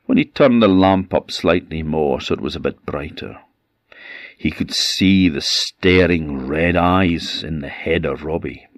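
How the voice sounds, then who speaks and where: Slow deep-voiced Orcadian storyteller. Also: male voice, dry recording, studio quality. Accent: Orcadian Scottish. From Orkney, Scotland. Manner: slow, dramatic pauses. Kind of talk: traditional ghost-story telling.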